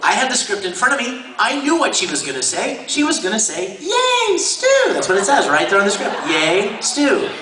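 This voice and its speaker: This voice actor talks fast with few pauses, his voice sitting high and swinging widely in pitch. He's a convention panel guest telling stories enthusiastically and laughing often, captured from far off by a handheld camera in a noisy, echoey hall.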